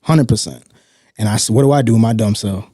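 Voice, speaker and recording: Low-voiced man telling his story. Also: fast, husky, no room sound, clean studio sound. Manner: animated, streetwise, repeats "you know what I'm saying". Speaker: guest speaker. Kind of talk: personal storytelling. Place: podcast studio.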